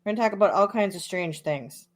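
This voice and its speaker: A woman's voice: medium pitch, fast. A woman co-hosting a casual podcast chat, laughing often as she talks. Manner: giggly, laughs often between phrases. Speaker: podcast co-host.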